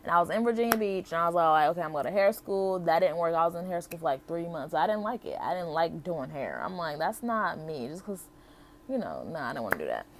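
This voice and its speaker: A woman's voice: deep voice, very animated, fast, slight background noise. A woman in her thirties from the United States, telling her personal story to camera in a chatty, heartfelt way full of "like" and "um". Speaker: vlogger.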